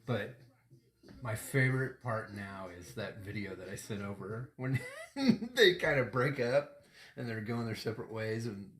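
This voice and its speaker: A man's voice: lowish voice, expressive, unhurried, fairly bright tone. A middle-aged man hosting a casual chat during a tequila tasting, rambling and laughing often. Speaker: podcast host. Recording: echoey room.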